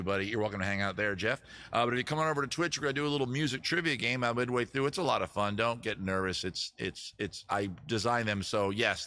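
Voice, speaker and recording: Bright-voiced rambling male streamer. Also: medium pitch. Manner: rambling, self-mocking, with deadpan asides. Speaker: livestream host. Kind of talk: casual livestream chat between songs.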